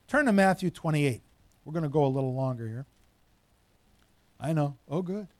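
A man, a pastor, preaching a sermon forcefully, building up loud and then dropping into quiet asides. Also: fairly high pitch, lively intonation, normal speed, no room sound.

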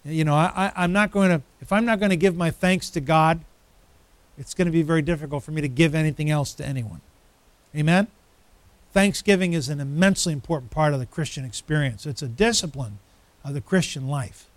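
A man's voice: on the high side, fairly quick, no room sound. A man preaching a sermon as pastor, emphatic, building through repeated phrases.

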